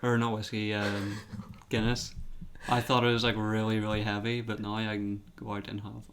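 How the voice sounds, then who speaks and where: A man's voice: on the low side, little pitch movement, normal speed, a bit bright. A young man co-hosting a podcast, teasing his friend and laughing often in casual chat. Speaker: podcast co-host.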